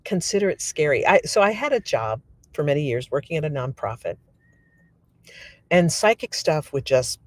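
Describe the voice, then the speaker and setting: A woman telling stories as a podcast guest, animated and laughing often as she acts out what people said. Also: deep voice, moderate pace, no echo. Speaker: podcast guest, remote viewer. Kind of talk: casual storytelling.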